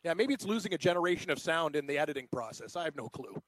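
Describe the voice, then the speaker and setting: Man, high voice, sports podcast co-host, jokey, laughs a lot, rambling, dry close sound. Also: big pitch swings, rapid-fire, a bit bright, no room sound. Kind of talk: casual sports podcast chat.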